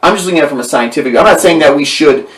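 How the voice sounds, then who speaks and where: A man's voice: on the high side, expressive, very fast, a bit bright. A male podcast host talking casually, rambling with fillers and restarts. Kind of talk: casual conversation. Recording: roomy, distant mic.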